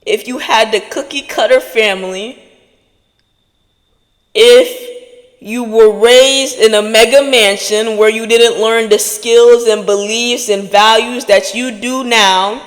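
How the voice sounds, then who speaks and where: A woman's voice: a little high, fairly even intonation, slow, in a large hall. A woman hosting a podcast, giving an earnest motivational talk straight to her listeners. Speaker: podcast host.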